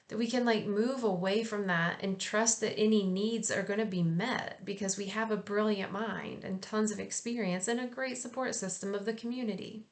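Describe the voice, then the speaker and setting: A woman speaking at a middle pitch in an easygoing, conversational way, with plenty of filler words. She reflects gently on slowing down and encourages her listeners softly. There is a light, self-amused warmth in how she talks. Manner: relaxed and chatty, with frequent fillers; yawns and laughs at herself. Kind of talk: casual spiritual reflection.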